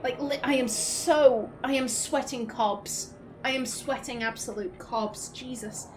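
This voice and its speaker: Woman streamer, slightly high voice, dramatic readings between chatty asides. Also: a little hiss or hum. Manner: expressive, quickly emotional, laughs and swears. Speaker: gaming streamer. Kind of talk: reading in-game texts aloud between casual commentary.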